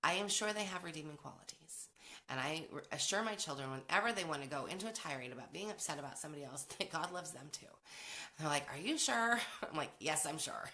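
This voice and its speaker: Woman, forties, podcast host, casual chatty talk, bright edge, gravelly. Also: sits low. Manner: chatty, laughs often, acts out quotes.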